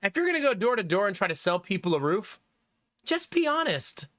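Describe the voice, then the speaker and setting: A man streaming live, chatting casually with his viewers, animated and laughing often, with some swearing. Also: sits high, fast talker, no echo, clean studio sound.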